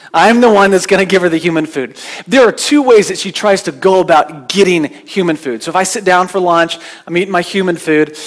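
A man preaching a sermon in a conversational, storytelling way, often restarting his words. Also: high voice. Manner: conversational, anecdotal, repeats words when restarting. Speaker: pastor.

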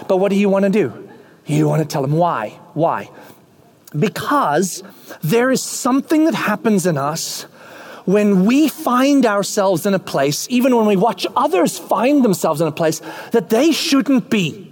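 A man preaching a sermon in an animated way, acting out little scenes with voices. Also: very high voice, a little slow. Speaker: pastor.

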